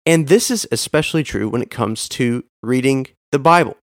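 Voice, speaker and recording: A man's voice: animated, normal speed, no room sound, clean studio sound. Earnest, emphatic male podcast teacher. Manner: emphatic, stresses words with big pitch swings; earnest, addresses the listener directly. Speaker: podcast host teaching Bible reading.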